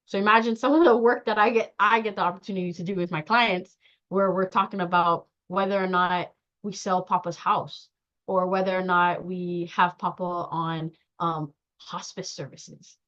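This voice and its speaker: A woman leading a workshop training session, talking in a lively way, acting out quoted dialogue and laughing often. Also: on the low side, normal speed. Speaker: trauma-informed care trainer. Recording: dull lo-fi sound.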